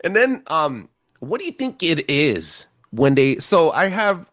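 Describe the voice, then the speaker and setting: Animated male host, dry sound, stumbles through questions. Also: on the high side, a little slow, dry recording. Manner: animated, stumbles over words. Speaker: podcast host. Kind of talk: casual interview chat.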